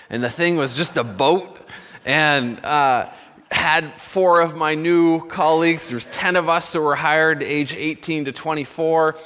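A man's voice: on the high side, sharp tone, smooth, big-room sound. A man preaching a sermon as pastor, telling stories in a conversational way at a church service. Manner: storytelling, conversational with self-corrections.

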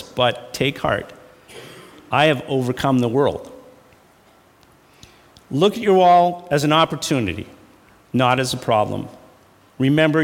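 A man's voice: a little high, long reverb tail. A man preaching a sermon, emphatic and repetitive, shifting into folksy storytelling with casual fillers. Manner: emphatic, repeats phrases for effect. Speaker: pastor.

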